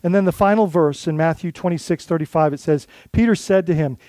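A man's voice: a little high, normal speed, warm tone, no echo. A man who is a lead pastor, giving an earnest, conversational sermon full of restarts and asides.

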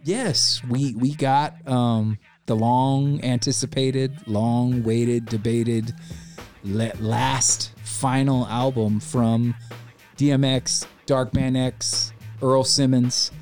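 A man co-hosting a casual podcast, talking in an upbeat, excitable way and laughing often. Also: medium pitch, takes it slowly, soft background music. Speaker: podcast co-host.

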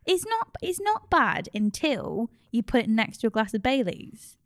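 A woman's voice: fairly high pitch, very animated, measured pace, dry recording, clean studio sound. A woman in her thirties or forties, co-hosting a casual podcast chat in a chatty, playful way and laughing often. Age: 30s to mid 40s. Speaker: podcast co-host.

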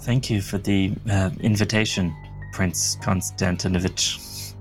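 Low-voiced man playing a tabletop game. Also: steady tone, measured pace, soft background music. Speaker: player. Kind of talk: in-character tabletop play.

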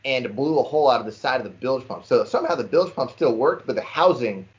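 A young man casually telling a lively fishing story to friends on a podcast and calling them "dude" a lot. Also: medium pitch, fast. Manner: animated storyteller, says "dude" often. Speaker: podcast co-host. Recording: slightly dull lo-fi sound.

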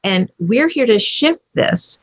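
A woman's voice: a little high, slow pace. A woman guest telling a personal story in conversation, expressively acting out the things people said. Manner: expressive, acts out quotes, laughs. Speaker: guest speaker.

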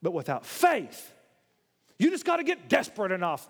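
A man preaching a sermon in a church, animated, swinging between loud, high exclamations and low, quiet asides. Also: moderate pace, husky. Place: church sanctuary. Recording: long hall reverb.

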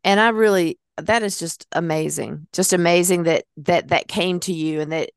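Smooth, low-voiced woman interviewer, dry sound. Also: moderate pace, no echo. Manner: warm, encouraging backchannels. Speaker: interview host. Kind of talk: interviewer, supportive listener.

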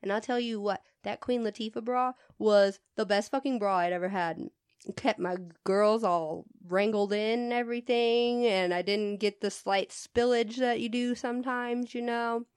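Woman, podcast co-host, casual chat, swears a lot, high voice, dry close sound. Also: normal speed, clear, resonant tone, dry recording. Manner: animated, swears freely, tangents and laughter.

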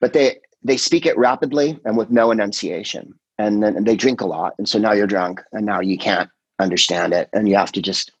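A middle-aged man, a comedian and podcast host, chatting casually in a rambling, animated way, full of quoted voices and swearing. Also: on the low side, a little fast, breathy edge, dry recording, poor audio. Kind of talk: casual chat.

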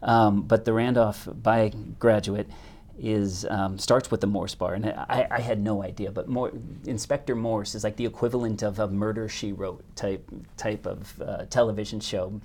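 A man's voice: on the low side, steady tone, darkish tone, slight background noise. A man being interviewed as a hotel company executive, speaking with frequent restarts and repetitions. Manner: halting, many restarts. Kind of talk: business interview.

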